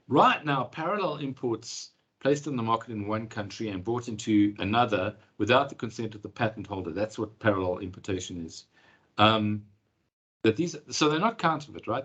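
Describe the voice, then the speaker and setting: A man's voice: on the low side, expressive, moderate pace, fairly bright tone, slightly rough. A man giving a university law lecture in a conversational, enthusiastic way, with frequent fillers and restarts.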